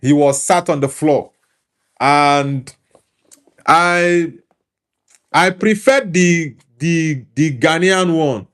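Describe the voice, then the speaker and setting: Nigerian man chatting football, fairly high. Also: extremely slow, long pauses, a bit bright. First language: Igbo. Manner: easygoing, repeats words while thinking. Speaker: host reading live chat. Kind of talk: casual football chat.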